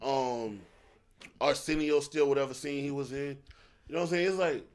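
A young man co-hosting a podcast, talking in animated, slangy banter and laughing often. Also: mid-range voice, moderate pace, clean tone. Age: young adult. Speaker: podcast co-host. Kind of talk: casual chat.

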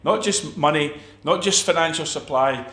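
A man's voice: fairly high pitch, normal speed, bright, forceful tone, reverberant. A man preaching a sermon, emphatic, with repeated phrases and restarts.

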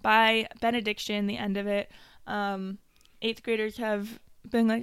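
Woman, young adult, podcast co-host, animated storytelling, fairly high voice, dry close sound. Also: a little fast, few pauses, clear, resonant tone, no echo. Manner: animated storyteller, acts out quotes, laughs often. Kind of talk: casual chat, storytelling.

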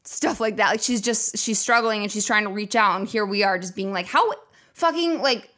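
A woman's voice: mid-range voice, normal speed, fairly bright tone. A woman hosting a comedy podcast, rambling through a profane casual monologue with lots of fillers and acted-out quotes.

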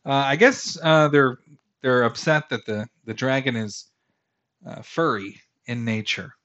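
A man's voice: medium pitch, a little slow, fairly bright tone, lo-fi sound. A man in his thirties hosting a fantasy podcast, talking casually in a rambling, self-deprecating way, full of fillers and restarts. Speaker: podcast host. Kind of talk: casual solo podcast commentary.

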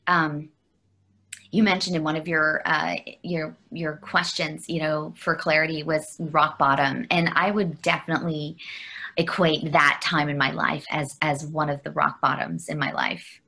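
A woman from Canada, a guest on an interview, telling a personal story candidly, halting with fillers and restarts and laughing often. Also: sits low, flat delivery, creaky, bright, forceful tone.

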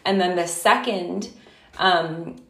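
A woman's voice: lowish voice, slow, roomy sound. A woman co-hosting a podcast in casual chat, talking animatedly, full of "like" and casual swearing. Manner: animated, fillers with "like", swears freely. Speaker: podcast co-host.

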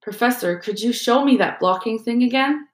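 A woman's voice: fairly high pitch, normal speed, close to an everyday voice. A woman voicing an earnest, nervous young boy wizard, recorded in a roomy space. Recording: roomy echo.

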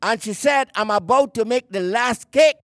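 A man preaching a sermon. He reads scripture aloud and preaches emphatically, slowing down to stress key words and sometimes repeating a word as he searches for the next one. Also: very high-pitched, fairly bright tone, dry recording, studio quality.

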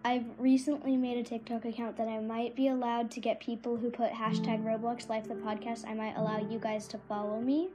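A woman hosting a gameplay podcast, gushing and excitable as she talks through what she is doing. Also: a little high, fairly quick, hardly any pauses, music in the background. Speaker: podcast host.

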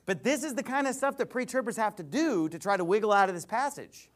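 A man preaching a sermon in an animated, mocking, emphatic way. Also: high voice, fast.

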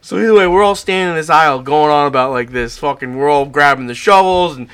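A man with a voice a touch higher than most tells stories in a loose, rambling way, full of fillers and constant swearing. He gets animated as he goes, co-hosting a casual chat. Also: fast talker, clear, resonant tone, no room sound. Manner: animated storytelling. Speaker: podcast co-host.

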